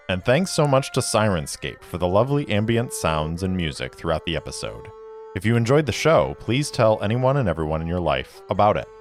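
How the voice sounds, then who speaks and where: A man hosting his own podcast, narrating a solo tabletop game in a measured, deliberate way. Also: low voice.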